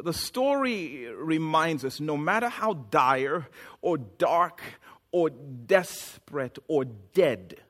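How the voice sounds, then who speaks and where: A man preaching a sermon as pastor, animated and joking, with sudden loud outbursts. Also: fairly high pitch.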